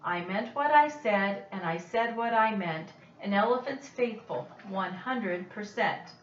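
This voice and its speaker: A woman voicing a gentle, faithful male elephant in an earnest, steady storybook voice. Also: mid-range voice, a little slow, slight background noise, natural voice. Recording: dull, roomy, distant recording.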